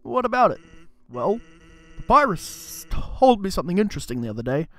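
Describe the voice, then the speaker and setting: A man's voice: high voice, very animated, fairly quick, soft background music. A man reading a lazy, joking male skeleton's game dialogue aloud in his own plain voice. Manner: reads game lines aloud in a plain, slightly amused voice.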